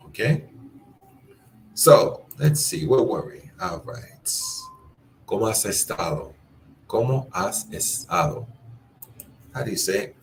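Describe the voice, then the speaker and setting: A man teaching a language class, encouraging his students and repeating phrases slowly for them to practice. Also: low-pitched, a little hiss or hum. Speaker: Spanish teacher. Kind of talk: live online language class.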